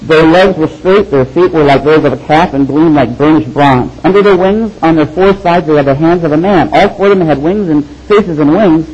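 A man preaching a sermon, animated and storytelling, with quick asides. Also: a little high, slightly rough, highs cut off. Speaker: pastor.

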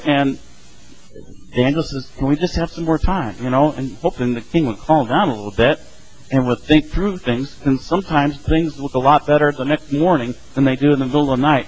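The audio is poor, capturing a middle-aged man with a voice on the high side. He teaches a casual Bible study conversationally and acts out the voices of the people in his stories.

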